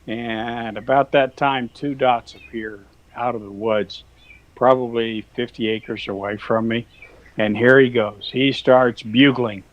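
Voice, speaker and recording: A man's voice: mid-range voice, steady tone, measured pace, dull audio. A man, a cattle rancher, telling a rambling farm story in a folksy, chuckling manner. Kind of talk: casual storytelling.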